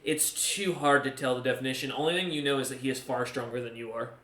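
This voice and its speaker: A man's voice: medium pitch, fast talker, sharp tone, echoey room. A man narrating as game master, rambling with many fillers and self-corrections.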